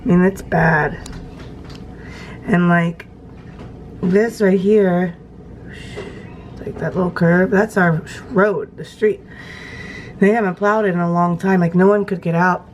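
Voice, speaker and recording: A woman's voice: fairly low pitch, fairly even intonation, slow pace, long pauses, slight background noise, rough recording. A thirty-year-old woman chatting to the camera in a casual home vlog, narrating her day and coaxing her toddler along. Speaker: vlogger and mother. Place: family home indoors.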